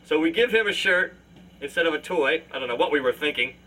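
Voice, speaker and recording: A man's voice: a little high, lively intonation, fast talker, bright, forceful tone, distant mic, a little hiss or hum, rough recording. A man hosting his own show from a family home, telling anecdotes with frequent laughter and acted-out voices. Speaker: podcast host and musician. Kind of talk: casual family storytelling. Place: family home, live remote.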